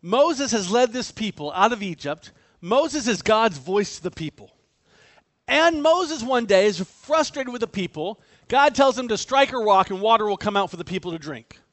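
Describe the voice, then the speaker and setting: A man preaching a sermon, animated and acting out the voices he quotes. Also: high voice, moderate pace, no room sound. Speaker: pastor.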